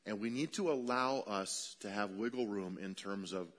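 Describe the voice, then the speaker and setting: Middle-aged male pastor, animated sermon delivery, acts out quoted voices with a wide swing in pitch and volume. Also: normal speed.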